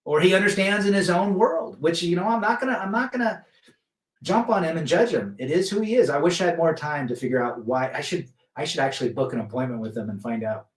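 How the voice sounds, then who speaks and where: A man's voice: on the high side, fast talker, roomy sound. Rambling man hosting a live stream. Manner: rambling, many restarts, reads chat aloud. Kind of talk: casual live stream chat, reading comments.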